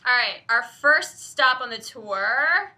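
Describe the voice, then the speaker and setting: A woman's voice: fairly high pitch, animated, slow, bright, forceful tone. A young woman from the Midwest co-hosting a casual live book stream, giggling often and reading out viewer comments. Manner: giggly, chatty, reads viewer comments aloud. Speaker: host.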